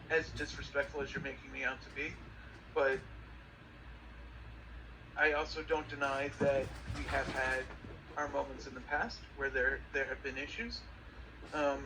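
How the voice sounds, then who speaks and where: Hesitant, halting man, distant and noisy. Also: on the high side. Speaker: manager in workplace meeting. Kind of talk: heated workplace meeting. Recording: distant mic with background noise.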